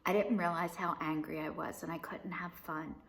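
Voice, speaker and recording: A woman vlogging frankly about recovery in a casual chat, often stopping to clear a tickly throat. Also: on the low side, fairly even intonation, moderate pace, a bit bright, slight background noise. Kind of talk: personal recovery vlog, casual talk.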